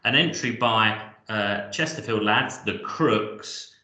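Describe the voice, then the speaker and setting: A man's voice: lowish voice, slow, sharp tone, echoey room, low-quality recording. A man co-hosting a music countdown, chatting casually and enthusiastically with rambling restarts. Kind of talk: casual chat.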